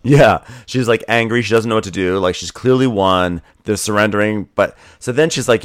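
A young man co-hosts a podcast in a casual, chatty way, full of fillers and sarcastic asides. His voice sits low, and the close mic gives a dry sound. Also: fairly quick, a bit bright, no room sound. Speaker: podcast co-host. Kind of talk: casual chat recapping a TV episode.

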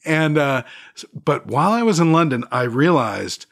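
Animated man telling stories. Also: on the high side, moderate pace. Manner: animated, laughs often, acts out quotes. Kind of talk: conversational storytelling.

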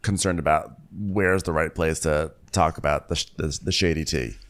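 A man co-hosting a casual reality TV recap podcast, telling the story with animated flair and jumping into mock voices for the quotes. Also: rumbling low, normal speed. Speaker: podcast co-host.

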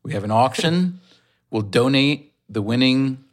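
A man's voice: medium pitch, lively intonation. Middle-aged man, podcast co-host, rambling, restarts sentences, casual chat. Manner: rambling, halting, self-correcting.

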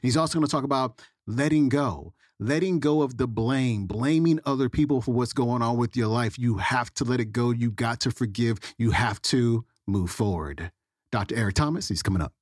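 A man's voice: mid-range voice, moderate pace, no echo, clean studio sound. A man hosting a podcast, reading an upbeat, emphatic introduction. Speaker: podcast host.

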